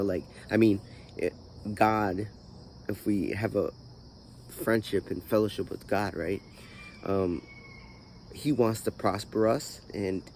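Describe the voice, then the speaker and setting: This is a man with a fairly low pitch and darkish tone, recorded with a little hiss or hum. Hosting his own channel, he drifts through his life story in a groggy morning voice, his vlog talk padded with many "you know" fillers.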